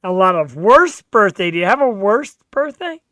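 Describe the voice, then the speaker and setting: A man's voice: high voice, big pitch swings, normal speed, pushed and bright, dry recording. A middle-aged man hosting a show, telling a birthday story with lots of swearing. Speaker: show host. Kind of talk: casual birthday chat.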